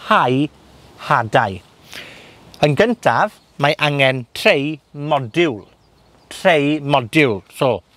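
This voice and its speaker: A Welsh man with a Welsh accent giving a gardening lesson in a polytunnel, speaking slowly and repeating words for learners. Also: medium pitch, fairly bright tone. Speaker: gardening and language teacher. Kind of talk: bilingual outdoor lesson.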